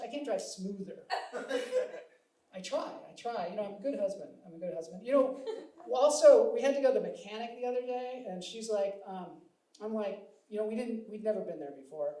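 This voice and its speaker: A middle-aged Seattle man performs stand-up on a live comedy stage, wry and self-deprecating, acting out snatches of dialogue. His voice is high, expressive and mellow, a little fast, captured by a distant mic in an echoey room with audience noise.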